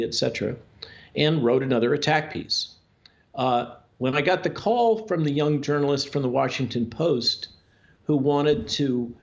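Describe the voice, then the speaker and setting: Male talk guest, mid pitch, gravelly, deliberate with fillers, muffled remote audio. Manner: measured, drawn-out delivery with frequent uh fillers. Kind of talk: conversational interview talk. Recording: dull lo-fi audio.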